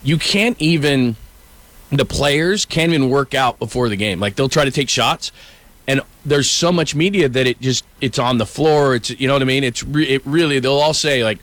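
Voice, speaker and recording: A middle-aged man, a sports journalist and co-host, telling stories in casual sports talk with quick asides. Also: medium pitch, no echo. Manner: animated storyteller, quick asides.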